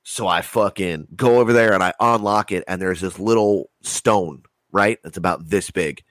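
Low-voiced dude rambling thru a story, swears constantly, dry mic. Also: male voice, moderate pace, dry recording. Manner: rambling, heavy swearing, animated retelling. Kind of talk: casual storytelling chat.

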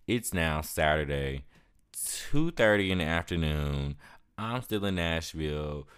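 A young man casually retelling a story for his vlog, with lots of "like" fillers and lively quoted asides. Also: a bass voice, a little slow, clean tone. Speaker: vlogger.

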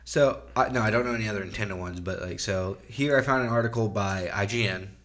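A man hosting a casual podcast, explaining at length in a relaxed way with many fillers. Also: on the low side, quick pace. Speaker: podcast host. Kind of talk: casual chat.

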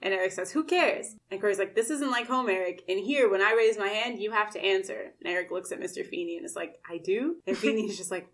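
Woman co-host, casual recap chat, animated, quotes lines in her own voice, laughs a lot. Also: medium pitch, fast talker, hardly any pauses. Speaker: podcast co-host.

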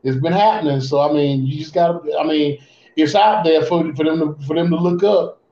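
A man's voice: on the high side, steady tone, a little fast, dark tone. A man co-hosting a casual wrestling chat, laid-back, often repeating and restarting his phrases. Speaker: podcast co-host. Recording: muffled roomy lo-fi audio.

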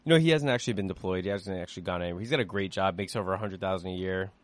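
A man's voice: sits low, rapid-fire, no echo. A young man co-hosting a casual podcast, swearing and drifting into long rambling explanations. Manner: swearing, rambling lecture-like asides. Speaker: podcast co-host.

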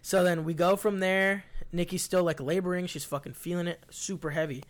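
A young man in casual conversation, telling a story in a loose, rambling way. He swears freely and fills his sentences with "like" and "you know". His voice sits a little higher than most men's. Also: steady tone, a little fast. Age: young adult. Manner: profane, rambling, lots of fillers.

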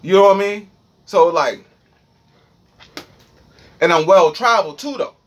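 Young man with a D.C. accent, high-pitched, rambling profane freestyle monologue. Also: measured pace, dull audio. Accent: Washington, D.C. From Washington, D.C. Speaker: streamer.

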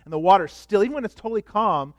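A middle-aged man preaching a sermon as pastor, animated, dropping to soft asides. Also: sits high, fast, dry recording, clean studio sound.

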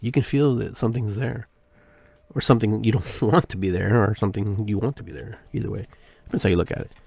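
A man hosting a spiritual podcast, talking in an unhurried, musing way and repeating phrases with shifting inflection. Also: fairly low pitch, fairly even intonation, gravelly, a little mellow, breathy edge, no room sound. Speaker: podcast host. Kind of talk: reflective spiritual monologue.

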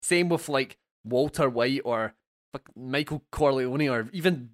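A young man co-hosting a casual film podcast, animated and swearing freely. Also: mid-range voice, measured pace, no room sound, clean studio sound. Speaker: podcast co-host.

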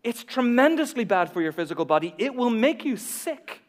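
A middle-aged man delivers a sermon in a high, light voice. He moves from hushed asides to emphatic peaks, and his voice carries the long reverb of a large church hall. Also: normal speed. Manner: expressive, swings between soft asides and emphatic peaks. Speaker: pastor.

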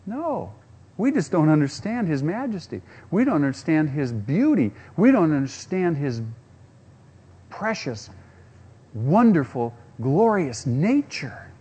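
A man's voice: a little high, big pitch swings, a little slow, dark tone, husky, highs cut off. A man preaching a sermon, using rhetorical questions and acting out quotes. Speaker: pastor.

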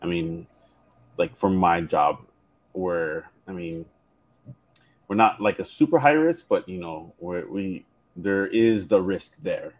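A man talks casually in a fairly low voice. He asks probing questions, hesitating and filling pauses as he goes. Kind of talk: casual chat.

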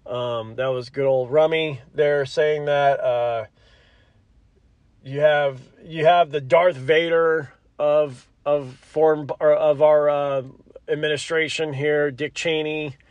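A man's voice: a little high, steady tone, takes it slowly, smooth, no echo, dull audio. Rambling, profane male podcast host. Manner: rambling, self-correcting, swears and apologizes. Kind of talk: casual solo commentary.

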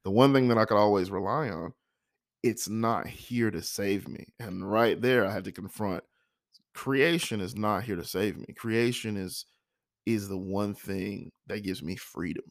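Low gravelly man musing earnestly. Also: unhurried, no room sound, clean studio sound. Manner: earnest, repetitive, self-reflective. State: frog in his throat, clearing it. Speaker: vlogger. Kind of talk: reflective personal monologue.

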